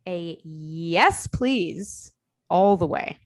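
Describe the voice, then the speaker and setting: A young woman from Chicago with a light Chicago accent, co-hosting a sports podcast in a blunt, teasing, animated way. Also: fairly low pitch, very slow. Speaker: podcast co-host. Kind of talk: casual sports debate.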